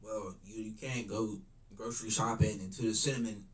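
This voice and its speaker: A man's voice: on the low side, fairly even intonation, fairly quick, far from the mic. A man hosting a stream, reacting to clips with laughing, mocking asides. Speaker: streamer host. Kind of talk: casual reaction commentary.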